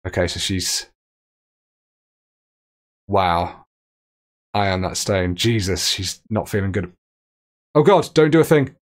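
A man's voice: low-pitched, takes it slowly, pauses often. Joking male game streamer. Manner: joking, reads texts and chat aloud. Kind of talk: gameplay commentary.

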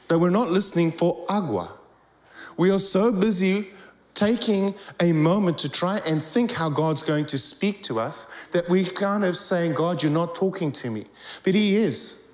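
A man preaching in a church, telling stories with rising emphasis. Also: high-pitched. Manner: animated storytelling, rising emphasis. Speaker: guest preacher. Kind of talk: sermon. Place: church hall. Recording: echoey church hall.

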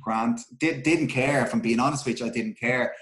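A middle-aged man with an Irish accent recounts his playing days in a relaxed, unscripted way. He swears freely and trips over his own restarts, and his voice sits at an ordinary middle pitch. The room gives it a noticeable echo. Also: moderate pace. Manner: candid, swears freely, many restarts and fillers. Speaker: guest, former footballer. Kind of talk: casual storytelling interview. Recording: roomy echo.

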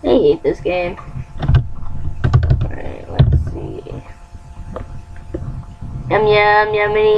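A woman giving live gameplay commentary, chatty and excitable, breaking into gleeful sound effects and sing-song noises. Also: mid-range voice, extremely slow, vocal fry, long pauses. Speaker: gamer. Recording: lo-fi recording with faint hum.

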